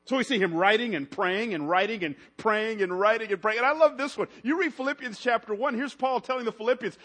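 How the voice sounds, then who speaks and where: A man preaching a sermon, telling stories and swinging between loud, lively stretches and hushed, low passages. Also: a little fast, hardly any pauses.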